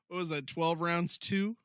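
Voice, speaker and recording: A man's voice: high-pitched, a bit bright, clear, resonant tone, no echo, clean studio sound. A man co-hosting a casual wrestling podcast, joking and laughing often. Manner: joking, playful, prone to laughing. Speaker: podcast co-host.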